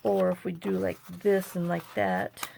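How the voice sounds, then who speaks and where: A woman's voice: fairly low pitch, fairly even intonation, a little slow, gravelly, warm tone, slight background noise. An older woman hosting a chatty crafting tutorial, rambling and talking to herself as she works at a home craft table. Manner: rambling, chatty, talks to herself while working.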